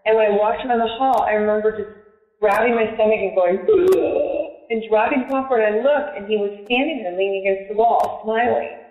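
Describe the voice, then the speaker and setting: A woman's voice: medium pitch, fairly even intonation, fast talker. A woman guest chatting in an interview, telling a personal story in a rambling, emotional way. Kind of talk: casual interview chat. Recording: echoey, tinny phone-line sound.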